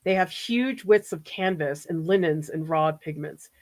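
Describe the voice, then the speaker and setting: The audio is poor, but her deep voice comes through at a measured pace. She's a middle-aged woman who teaches art near Boston, laughing often and chatting casually while she paints during a live demo, musing aloud.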